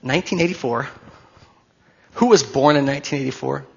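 A man in his forties, a pastor, giving a conversational sermon with jokes, then leading a quiet prayer. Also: medium pitch, brisk, gravelly, husky, highs cut off.

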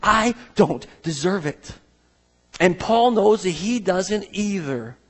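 A man's voice: sits high, lively intonation, slow pace, husky. A male pastor preaching an earnest, emphatic sermon, often restarting his sentences.

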